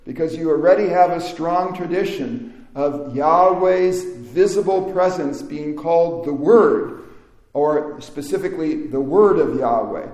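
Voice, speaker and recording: A man lectures to a room, reading passages aloud and then stopping to explain them, with the odd restart. His voice sits a little high. The room is roomy and echoey. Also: measured pace, darkish tone. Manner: reads verses aloud then comments, with small restarts.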